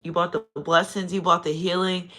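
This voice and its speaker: Brief: woman tarot reader, chatty and digressive, bright and forceful tone, effusive with viewers. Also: lowish voice, level tone, moderate pace. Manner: chatty and digressive, often asks "you know what I'm saying"; effusive and emotional when thanking viewers. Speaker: tarot card reader and channel host. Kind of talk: casual spiritual card reading to camera.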